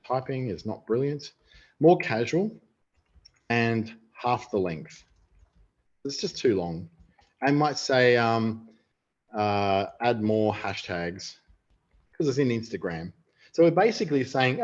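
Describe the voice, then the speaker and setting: Demonstrating a writing tool in a live online webinar, an Australian man chats and thinks out loud in a casual way. He has a medium, sing-song voice, takes his time and pauses often, and the sound is dull, lo-fi webinar audio.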